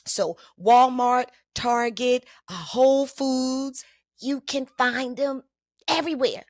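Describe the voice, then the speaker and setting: A chatty woman hosting a mental health podcast, her voice sitting a little high. She talks to her listeners like family in a loose motivational monologue and sometimes drops to a hush to stress a point. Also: lively intonation, measured pace. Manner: drops to a hushed voice for emphasis.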